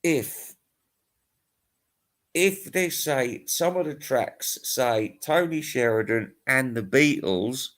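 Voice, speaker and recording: A middle-aged man talks in a loose, rambling vlog, sounding tired at the end of the night. He rants and swears his way through his complaints, chuckling to himself between points. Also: mid-range voice. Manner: profane, ranting, chuckling. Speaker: music vlogger. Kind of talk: casual rambling monologue.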